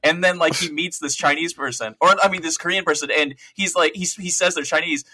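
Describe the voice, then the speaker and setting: A man with a bright, slightly raised voice rambling through stories on a gaming podcast. He swears casually and laughs at his own jokes as he goes. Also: fairly high pitch, fairly quick, a little hiss or hum. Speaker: podcast co-host. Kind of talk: casual chat.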